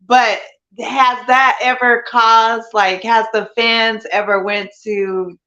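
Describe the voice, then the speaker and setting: A woman's voice: fairly high pitch, level tone, slow pace, pushed and bright, dull audio. A woman hosting a casual live interview, laughing often and asking rambling questions.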